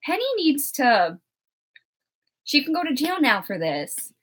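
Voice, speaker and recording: A young woman co-hosting a casual TV recap chat, animated and laughing often as she acts out characters. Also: high-pitched, a little slow. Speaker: co-host.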